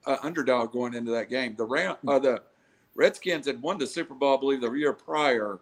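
A man's voice: medium pitch, brisk. A man chiming in during a casual sports chat, repeating words as he starts his sentences.

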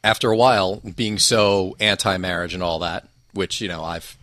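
A man's voice: deep voice, moderate pace, pushed and bright, no echo, studio quality. A man hosting a podcast, asking curious questions and teasing his guest in casual conversation. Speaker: podcast host. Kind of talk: casual chat.

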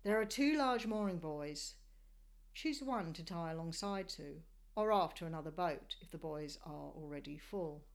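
Woman, slightly low voice, measured scripted voice-over for a sailing travel vlog. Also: animated. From Australia. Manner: measured, descriptive storytelling. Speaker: sailing narrator.

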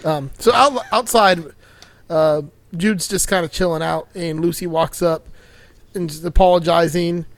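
A man's voice: fairly high pitch, steady tone, a little slow, no room sound. A man casually recapping a movie with friends, laid-back and laughing, swearing freely and acting out lines. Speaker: podcast host.

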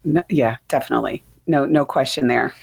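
A woman's voice: very deep voice, brisk, vocal fry, husky. A middle-aged woman with a New Jersey accent, hosting a podcast in casual, rambling chat and laughing often. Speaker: podcast host.

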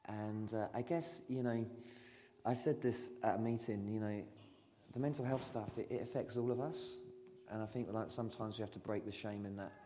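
A man preaching in a church, talking casually with laughter and then gently inviting people to respond. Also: fairly low pitch, steady tone, moderate pace, a little hiss or hum. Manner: chatty, laughing storyteller turning gentle and pastoral. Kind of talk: sermon. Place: church hall. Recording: long church reverb.

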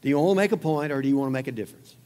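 A man preaching a sermon as pastor, conversational and animated, acting out scenes and closing in prayer. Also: medium pitch, rapid-fire, long reverb tail.

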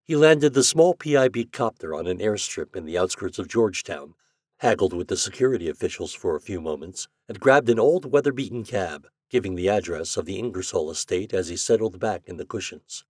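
A man, the podcast's host, narrating a story in a steady, measured audiobook reading. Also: low voice, dry recording, clean studio sound.

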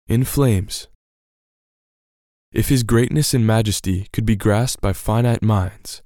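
A man narrating a scripted devotional story in a measured, earnest way. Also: lowish voice, warm tone, no echo, clean studio sound. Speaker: podcast narrator.

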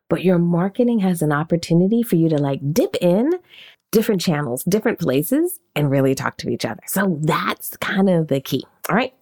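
A woman hosting a podcast, teaching in an animated, conversational way and often asking questions aloud. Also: on the low side. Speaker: podcast host and marketing coach. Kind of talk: casual teaching monologue.

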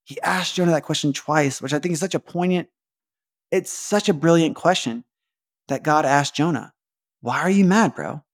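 A man's voice: fairly high pitch, normal speed. A man hosting a casual devotional podcast, talking earnestly, repeating phrases and asking rhetorical questions. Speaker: podcast host.

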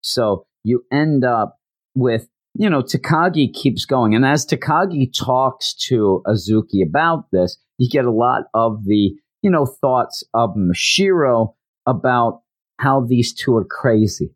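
A man casually recapping an anime episode, animated and acting out the characters' lines, with frequent restarts. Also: mid-range voice, unhurried, no echo. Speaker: anime reviewer.

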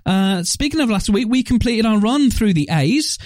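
A man's voice: high voice, animated, moderate pace, a little mellow, no room sound, studio quality. A man hosting a casual podcast, moving between chatty anecdotes and light, comic readings of segment intros. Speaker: podcast host. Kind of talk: casual chat.

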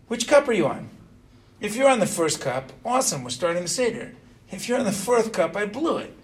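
In an informal religious lesson, a middle-aged man animatedly quizzes his students and keeps adding "right?" to his points. His voice runs on the high side, and there's a little hiss or hum.

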